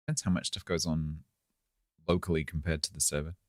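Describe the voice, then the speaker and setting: British man, very low voice, dead dry close mic, sarcastic casual banter. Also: steady tone, fairly quick, darkish tone, no room sound. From Britain. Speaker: game streamer. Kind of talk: casual live-stream chat.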